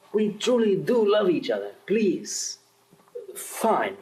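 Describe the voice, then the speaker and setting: A man's voice: sits high, sing-song, moderate pace, darkish tone, low-quality recording. A young man performing a student radio drama, shifting his voice between several characters. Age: young adult. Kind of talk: amateur radio-play acting.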